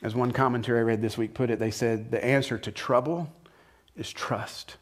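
A man preaching a sermon in a conversational way, asking the listeners questions and acting out lines with sudden shifts between loud and soft. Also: medium pitch, steady tone, moderate pace. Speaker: pastor.

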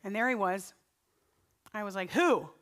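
Woman preacher, kinda high voice, chatty and earnest, storytelling from the pulpit. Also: moderate pace. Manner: conversational storytelling, earnest and animated. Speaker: pastor. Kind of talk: sermon.

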